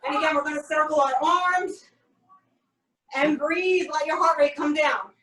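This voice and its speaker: A woman's voice: sits high, normal speed, a bit bright. A woman fitness coach leading a workout, counting reps and giving upbeat step-by-step cues, recorded in an echoey room with the mic at a distance. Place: home workout space.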